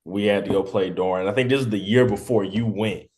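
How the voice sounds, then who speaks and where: A man's voice: lowish voice, fairly quick, darkish tone. A young man co-hosting a podcast, chatting in a laid-back way. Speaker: podcast co-host. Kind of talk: casual chat.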